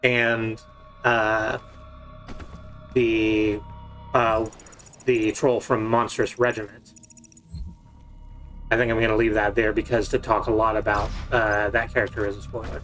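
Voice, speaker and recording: A man's voice: fairly low pitch, flat delivery, a little slow, long pauses, a bit bright, soft background music. A man co-hosting a live game stream, chatting, explaining trivia and answering the chat. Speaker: stream co-host.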